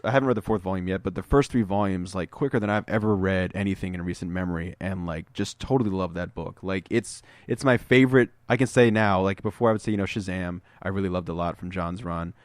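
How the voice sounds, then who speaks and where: A man co-hosting a podcast, retelling comic book scenes as an animated storyteller in casual chat. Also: deep voice, brisk, hardly any pauses, no echo. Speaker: podcast co-host.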